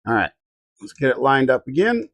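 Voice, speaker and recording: A man's voice: medium pitch, big pitch swings, normal speed, fairly bright tone, dry recording. Chatty man streaming from his workshop. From Colorado. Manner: muttering to himself, reading chat aloud. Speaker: livestream host. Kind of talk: casual live-stream chat while working.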